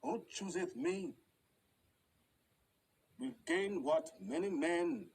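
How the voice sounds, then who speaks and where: An actor playing a proud, regal prince who muses in verse, softly and half-laughing, in a stage drama. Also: male voice, high-pitched, wildly swooping pitch, slow pace, vocal fry, breathy edge, full character voice, low-quality recording. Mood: musing. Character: proud regal male prince weighing a choice.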